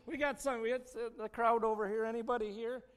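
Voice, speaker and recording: A man's voice: extremely high pitch, steady tone, fast, clean tone, in a large hall. A middle-aged man giving an informal sermon, telling personal stories in a folksy way and chuckling often. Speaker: church speaker.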